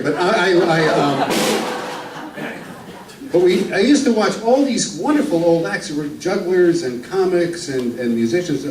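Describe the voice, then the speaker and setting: An older vaudeville performer telling a fond, halting story from the stage. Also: male voice, fairly high pitch. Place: theater stage. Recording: echoey stage from a distance, faint room noise.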